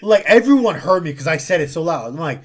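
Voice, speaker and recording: A young man co-hosting a casual chat, telling a story in an animated, profane way with loud laughs. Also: fairly high pitch, quick pace. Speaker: podcast co-host.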